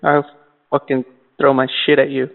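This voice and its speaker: Flat-voiced, foul-mouthed prank caller. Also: male voice, mid-range voice, moderate pace, gravelly. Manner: flat, profane, taunting. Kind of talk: crude prank call. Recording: tinny phone line.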